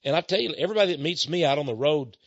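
A man hosting a radio talk show in an impassioned, preaching manner, swinging between loud outbursts and low asides. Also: animated, rapid-fire, no echo, muffled recording.

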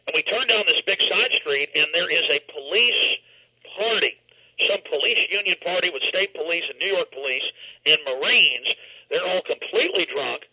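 A man's voice: sits high, lively intonation, normal speed, sharp tone, slightly rough. A man telling a story dramatically and emphatically in an interview, over a dull lo-fi line. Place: New York.

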